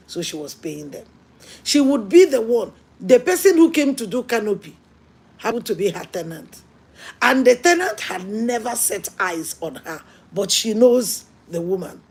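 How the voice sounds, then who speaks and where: A woman pastor preaching a sermon, telling stories earnestly and swinging between hushed lines and emphatic ones. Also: mid-range voice, husky.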